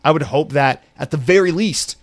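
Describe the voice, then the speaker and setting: A man's voice: on the high side, normal speed, no room sound, clean studio sound. A man hosting a solo podcast, from the United States, ranting angrily with heavy profanity. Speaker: podcast host.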